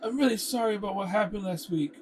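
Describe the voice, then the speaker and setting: A man's voice: sits high, fast talker, darkish tone, pitched above the performer's own voice, close to an everyday voice. A man reading aloud voices an eager young male store worker in a raised, overeager voice. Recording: distant mic with background noise.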